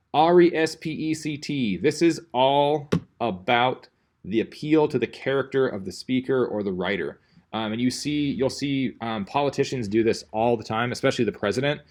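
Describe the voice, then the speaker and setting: A man's voice: medium pitch, lively intonation, normal speed. A male teacher giving a casual classroom lecture, rambling and conversational, full of fillers and restarts.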